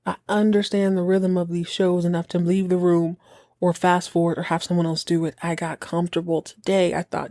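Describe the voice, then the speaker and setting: A woman hosts a podcast, reacting to a TV episode with casual, exasperated, animated commentary. She swears freely and mocks characters in quick impressions. Her voice sits fairly low, and the studio recording is clean with no room sound.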